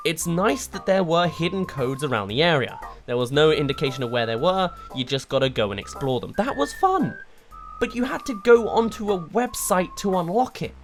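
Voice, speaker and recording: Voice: mid-range voice, big pitch swings, moderate pace, soft background music. A game reviewer giving a rambling, exasperated video review, full of rhetorical questions.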